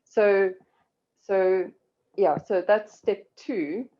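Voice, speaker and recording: Woman, legal presenter; deep-ish mellow tone, measured delivery with "um"s, muffled video-call sound. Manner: measured, explanatory, frequent "um"s. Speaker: corporate law expert presenting. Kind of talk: webinar presentation.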